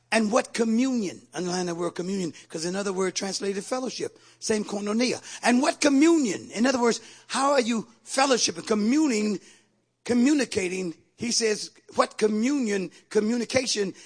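A man's voice: sits high, lively intonation, moderate pace, husky. A man preaching a sermon with fervor, repeating questions to his congregation and calling on them to respond. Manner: calls on the crowd for response.

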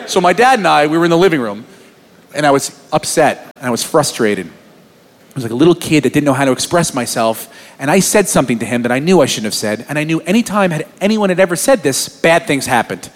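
A man in his thirties doing a crude, animated stand-up set, acting out voices. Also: a little high, fairly quick. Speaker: stand-up comedian. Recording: live club audio with crowd noise. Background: laughing audience.

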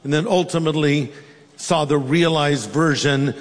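A man preaches in a large church hall, his voice sitting high for a man. He tells stories and drops in humorous asides. A long reverb trails each phrase. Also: moderate pace. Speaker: pastor. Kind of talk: sermon.

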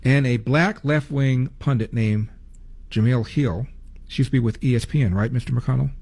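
Older male talk host, wry and sarcastic, middle pitch, casual monologue pace. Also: normal speed, a little mellow. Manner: sarcastic, rhetorical questions.

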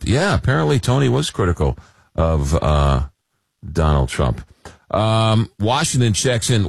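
A man hosting a late-night call-in radio show, reading listener messages aloud in a halting way with many fillers. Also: on the low side, very animated, breathy edge, no echo. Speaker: radio talk show host. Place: radio studio. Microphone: close studio mic.

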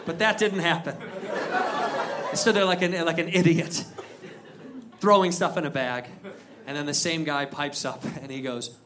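A man performing an animated, profane stand-up comedy set on a club stage. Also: on the high side, moderate pace, pauses often, very noisy. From United States. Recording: live club with crowd laughter.

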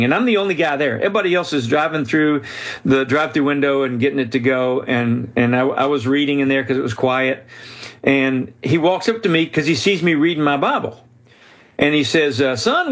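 A man, a guest author, telling a personal story in a podcast interview, acting out the voices of the people in it. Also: medium pitch. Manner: animated storyteller who voices quoted people.

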